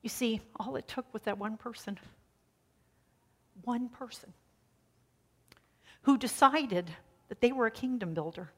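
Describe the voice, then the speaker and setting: A woman pastor preaching a sermon in a conversational storytelling way, dropping to a hush on key lines. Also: on the high side, unhurried, pauses often, slightly rough.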